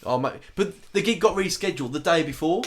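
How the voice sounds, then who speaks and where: A man tells a rambling anecdote on a podcast, peppering it with swearing and bursts of laughter. His voice sits slightly high for a man. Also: expressive, fast talker, slight background noise. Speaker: podcast host. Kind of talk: casual chat.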